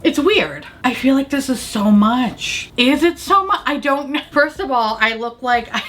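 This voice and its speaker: A woman chatting through a casual makeup try-on, swearing freely and laughing often, her voice a bit rough from allergies. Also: sits high, expressive, measured pace, fairly bright tone, a little hiss or hum. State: allergies affecting the voice. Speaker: beauty vlogger.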